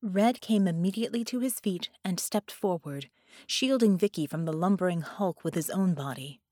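A woman narrating an audiobook in measured, dramatic storytelling. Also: fairly low pitch, a little mellow, dry recording, studio quality.

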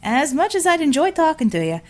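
Cocky middle-aged male contractor, voiced by a female reader: folksy, slangy, swaggering, pitch jumping around. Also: sing-song, fairly quick, a little mellow. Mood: brash. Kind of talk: audiobook character voice.

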